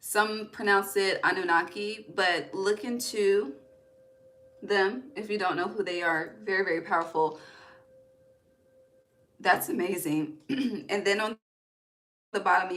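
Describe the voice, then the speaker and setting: A young woman talks through a spiritual card reading in a loose, casual way. She gets emotional and near tears at times, swears freely, and keeps checking in with her listeners. Her pitch sits in the middle of the range. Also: unhurried, pauses often, a bit bright. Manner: emotional, swearing, fills with okay and all right. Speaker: tarot reader.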